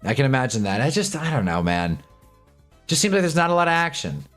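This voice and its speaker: A man's voice: mid-range voice, sing-song, fast, fairly bright tone, soft background music. Tired, laid-back young man commentating football. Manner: laid-back, rambling, sarcastic asides, frequent "whatever" and "anyway". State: tired, yawning. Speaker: football watch-along streamer. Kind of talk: casual live game commentary.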